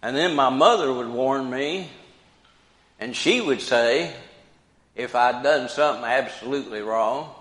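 An older man preaching a sermon slowly and emphatically, repeating key phrases for weight. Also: medium pitch, fairly bright tone. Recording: roomy hall with long reverb.

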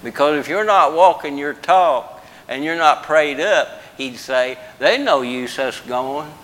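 A man's voice: on the high side, expressive, unhurried, fairly bright tone, big-room sound, slight background noise, low-quality recording. An older man preaching a folksy, plain-spoken sermon, joking with the congregation.

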